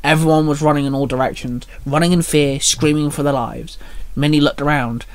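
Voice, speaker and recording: A man reading a short fan story aloud in a plain, steady narration. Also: a little high, brisk, no room sound.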